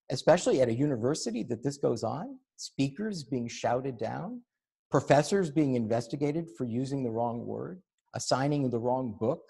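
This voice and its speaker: Emphatic man with a dark, husky voice. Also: medium pitch. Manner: emphatic, sarcastic, laughs between points. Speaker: author giving a book talk. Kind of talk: animated public talk.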